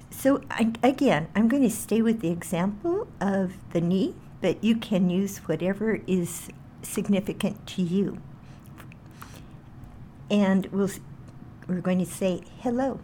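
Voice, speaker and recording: Slow, mellow-voiced woman guiding a meditation. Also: mid-range voice, lively intonation, a little hiss or hum. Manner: slow, soothing, repetitive chanting of short phrases. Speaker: healing meditation teacher. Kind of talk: guided healing meditation.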